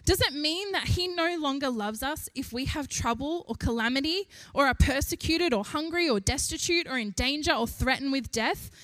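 A young woman preaching a sermon in an animated way, lifting her voice to stress each point. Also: high-pitched, moderate pace, hardly any pauses, no room sound. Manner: animated, rising with emphasis, laughs between points.

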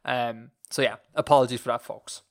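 A man's voice: mid-range voice, steady tone, normal speed, vocal fry. Self-mocking, rambling podcast host man. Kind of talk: casual podcast chat.

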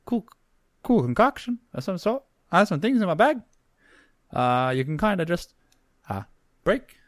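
A squeaky chatty gnome. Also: male voice, no room sound, studio quality. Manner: chatty, eager, rambling. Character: small friendly male gnome tinkerer.

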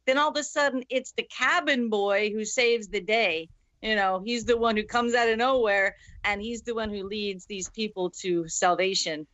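A woman's voice: medium pitch, moderate pace, a bit bright, no echo, lo-fi sound. A woman co-hosting a casual movie podcast, talking emphatically and gushing about actors. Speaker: podcast co-host.

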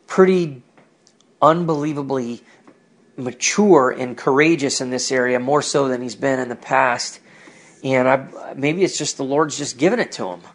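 A man giving personal religious commentary on his own show, earnest and reflective. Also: mid-range voice. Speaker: podcast host with a ministry.

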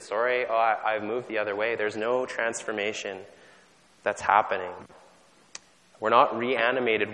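A man's voice: mid-range voice, bright, forceful tone. A man from Canada preaching a sermon in a conversational, self-deprecating way, often restarting his sentences. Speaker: pastor. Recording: long hall reverb.

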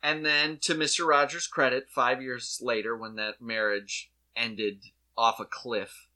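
A man in casual comedic chat, telling an animated story and slipping into put-on voices. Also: mid-range voice, a little slow.

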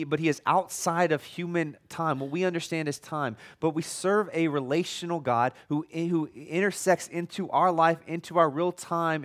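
A man's voice: fairly high pitch, fairly bright tone. A middle-aged man preaching a sermon as a pastor, in a conversational way, with frequent restarts and jokey asides.

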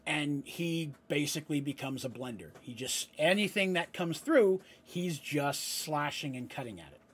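A man's voice: on the high side, animated, normal speed, a bit bright, a little hiss or hum. A man acting as game master, narrating a tabletop fantasy battle with explanatory asides and frequent checks of "right?".

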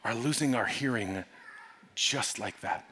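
A middle-aged man preaching a sermon, moving from soft, confiding talk to loud, urgent preaching. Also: mid-range voice, measured pace, husky. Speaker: pastor.

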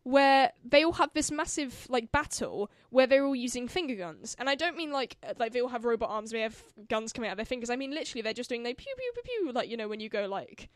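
A woman's voice: a little high, quick pace, hardly any pauses, no echo, clean studio sound. A woman hosting a podcast, chatting casually and rambling with lots of fillers. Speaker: podcast host. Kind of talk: casual chat.

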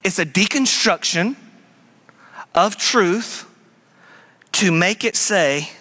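A middle-aged man delivers a sermon in an animated way. His voice is bright and sits a little high. He speeds up in bursts, mocks in higher voices and drops to a low hush for emphasis. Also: slow. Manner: puts on mocking high voices. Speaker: pastor.

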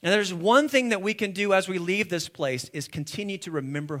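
Male preacher, high bright voice, lively and expressive delivery that drops to a hush and rises again. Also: a little fast, hardly any pauses. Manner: swings between hushed and emphatic, call-and-response questions. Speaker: pastor. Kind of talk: sermon.

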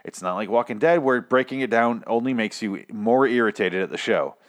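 A man's voice: medium pitch, expressive, fairly quick. A young man recapping a TV episode casually, rambling, swearing and breaking off mid-sentence. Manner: rambling, profane, self-interrupting. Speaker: TV reviewer.

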